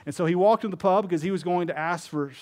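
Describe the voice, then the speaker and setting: High-voiced man preaching a sermon. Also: fast, a little mellow. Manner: storytelling with voiced characters, earnest and emphatic. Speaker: pastor.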